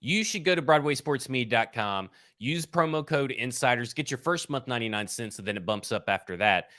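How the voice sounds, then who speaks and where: A man's voice: mid-range voice, animated, fairly quick, bright, forceful tone, dry recording, clean studio sound. A man co-hosting a sports talk show, bluntly explaining contract numbers step by step. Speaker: sports show co-host and salary cap analyst.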